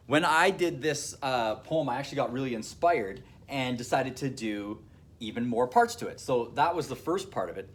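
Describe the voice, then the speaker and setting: A male teacher explaining a classroom lesson to his students, speaking slowly and repeating himself. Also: medium pitch, big pitch swings. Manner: explaining slowly with fillers and restarts.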